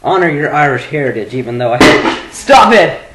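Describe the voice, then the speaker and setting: A man rambling goofily in a webcam vlog at home at his computer, jumping between low mumbling and sudden squeals. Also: a little fast, very noisy. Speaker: vlogger.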